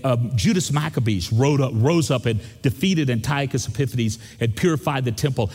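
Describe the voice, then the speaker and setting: A man preaching a Christmas sermon, telling stories slowly with repeated phrases. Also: mid-range voice, a little mellow, breathy edge, long reverb tail. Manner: slow storytelling with repeated phrases. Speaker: pastor.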